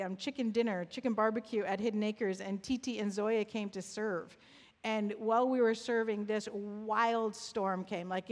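A woman giving a sermon, gently guiding listeners through a reflective prayer practice in a church. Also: fairly high pitch. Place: church sanctuary. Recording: long reverb of a large hall.

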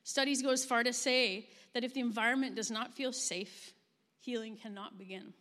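Woman speaker, earnest storyteller, fairly high voice, long reverb of a large room. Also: fairly even intonation. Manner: earnest, storytelling, gentle pauses. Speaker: camp ministry leader giving a talk. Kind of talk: heartfelt spoken testimony.

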